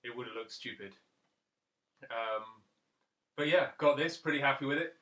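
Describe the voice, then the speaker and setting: A man's voice: mid-range voice, normal speed, pushed and bright. Man in his thirties, rambling. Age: 30s. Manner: rambling anecdotes, chuckling. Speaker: podcast co-host. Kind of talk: casual chat. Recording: roomy echo.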